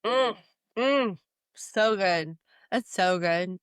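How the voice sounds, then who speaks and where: Chatty gal co-hosting a podcast, says like a lot, mid pitch, dry close sound. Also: female voice, extremely slow, smooth, no echo. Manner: chatty, lots of "like" fillers, enthusiastic. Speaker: podcast co-host. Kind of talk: casual chat.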